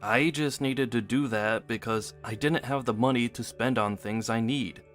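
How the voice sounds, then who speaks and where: A man's voice: mid-range voice, normal speed, fairly bright tone, soft background music, lightly acted. A man voicing a careless, lying young husband in a text-message drama, dismissive and offhand.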